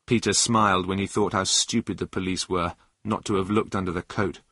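A man narrating a storybook in a clear, expressive way. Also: sits low, fairly quick, no room sound, studio quality.

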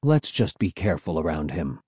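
Man doing a soft thoughtful dad. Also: low voice, sing-song, breathy edge, no room sound, clean studio sound, pitched below the performer's own voice, heavily acted. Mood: calm. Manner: soft, measured. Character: calm thoughtful father, soft-spoken.

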